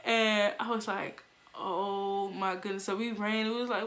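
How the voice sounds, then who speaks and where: A young woman telling a story casually, animated, laughing and acting out the voices of people in it. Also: mid-range voice, measured pace, slight background noise. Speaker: vlogger.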